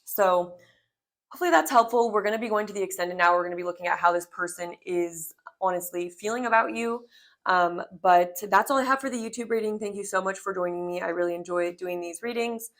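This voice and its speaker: A young woman in her twenties talks through a tarot reading in a loose, rambling way. She circles back on her thoughts and leans on fillers, with a gentle, reflective delivery. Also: mid-range voice. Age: 20s. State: slightly out of breath. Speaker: tarot reader. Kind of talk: casual spoken tarot reading.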